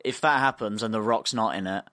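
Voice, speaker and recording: A man co-hosts a podcast, bantering casually and voicing strong opinions in a lively, brisk way, dropping to a low mutter when arguing. There's no echo.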